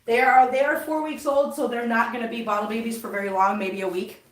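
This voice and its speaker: Woman chatting with her viewers, higher voice, very echoey room, a bit off-mic. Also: steady tone, fairly quick, far from the mic, a little hiss or hum. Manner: earnest, baby talk to cats. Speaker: cat channel vlogger. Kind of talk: casual chat while cleaning. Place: home with many cats.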